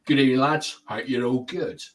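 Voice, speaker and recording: Poor audio captures a man of medium pitch speaking fairly quickly as he reads viewers' comments on his live football chat stream. The talk is casual, and he stays lively and chatty, laughing often.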